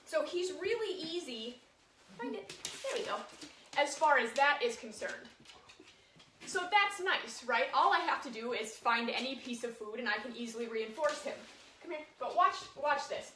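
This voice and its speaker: A woman's voice: sits high, lively intonation, normal speed, sharp tone, slight background noise. A woman dog trainer giving a casual lesson, talking chattily and showing points with her dog as she explains. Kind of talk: casual instructional talk. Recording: echoey room, voice from a distance.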